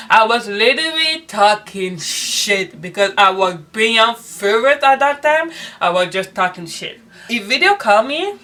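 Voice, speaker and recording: A young woman vlogger in casual storytime chat, animated and swearing as she acts out quoted dialogue. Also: medium pitch, measured pace. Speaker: beauty vlogger.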